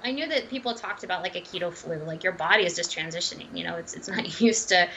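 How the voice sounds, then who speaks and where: A woman, a dietitian and runner, telling her story as a podcast guest in a chatty, animated way, full of fillers, restarts and laughs. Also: lowish voice, fast, background noise. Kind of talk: casual podcast interview storytelling.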